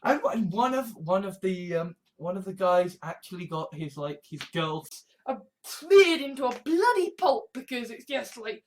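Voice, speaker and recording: A man's voice: high-pitched, very animated, unhurried, few pauses, slight background noise. A man ranting sarcastically in an exasperated monologue, swearing often. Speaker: online commentator.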